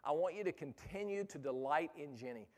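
A middle-aged man preaches to youth workers with a voice pitched a bit above the usual male range. He tells a personal story earnestly, stumbling over repeated words, then presses his point with rising urgency. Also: lively intonation, a little fast. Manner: earnest, repeats words in false starts, builds to emphatic urgency. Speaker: speaker addressing youth ministry leaders. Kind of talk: personal story within a sermon.

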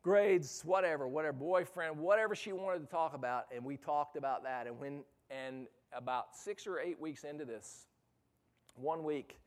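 A man's voice: a little high, normal speed. A middle-aged man telling a personal story in a sermon to youth ministry leaders, earnest, often restarting words and building to emphatic urgency.

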